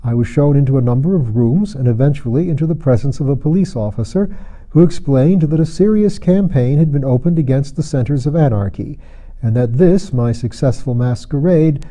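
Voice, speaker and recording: Dark-voiced male audiobook narrator. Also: fairly high pitch, fairly quick.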